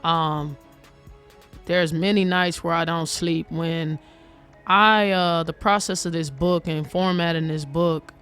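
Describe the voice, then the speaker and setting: A woman's voice: fairly low pitch, steady tone, takes it slowly, a bit bright, soft background music. A woman guest on a chat show in a radio studio, talking earnestly about her own struggles. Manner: earnest, testifying. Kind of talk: casual chat.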